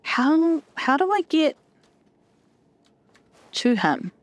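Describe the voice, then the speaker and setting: A woman's voice: high voice, sing-song, extremely slow, no room sound, lo-fi sound. A young woman casually commenting on a video game she plays, chatty and profane with a self-mocking streak. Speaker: gaming channel host. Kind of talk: casual let's play commentary.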